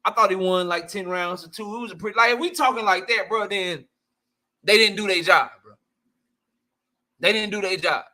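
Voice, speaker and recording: A male boxing channel host giving blunt, profane, slang-heavy commentary and answering his live chat in a casual, animated way. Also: high-pitched, normal speed, pauses often.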